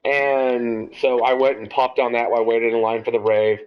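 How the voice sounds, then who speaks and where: A man's voice: medium pitch, moderate pace, clear, resonant tone. Young man rambling through a story, lo-fi. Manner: rambling, animated, swears freely. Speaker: podcast host. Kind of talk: casual storytelling. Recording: dull lo-fi audio.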